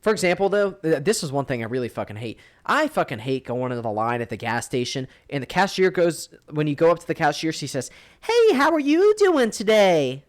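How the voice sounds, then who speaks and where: A man's voice: mid-range voice, expressive, quick pace, few pauses. A young man co-hosting a podcast in casual chat, blunt, rambling and full of swearing. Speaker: podcast co-host.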